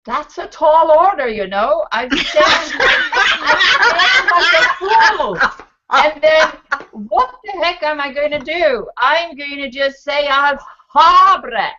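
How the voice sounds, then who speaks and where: High, lively woman guiding breath exercise. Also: takes it slowly, muffled recording, background noise. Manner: playful, animated, calls out loud ha breaths. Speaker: panel guest.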